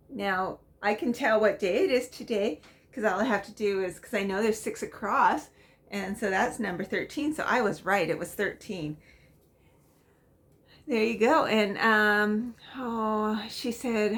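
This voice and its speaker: A woman's voice: medium pitch, unhurried, a bit bright. A middle-aged woman chatting casually at home as a cross-stitch vlogger, rambling with frequent ums and small laughs. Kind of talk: casual chatty show-and-tell.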